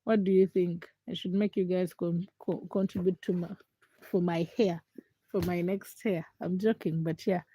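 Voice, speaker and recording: A young woman who is sick with a hoarse, froggy voice and a stuffed nose, chatting casually and teasingly with viewers on a late-night livestream from home. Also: steady tone, moderate pace, mellow, no room sound. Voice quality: deep, froggy voice. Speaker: livestream host.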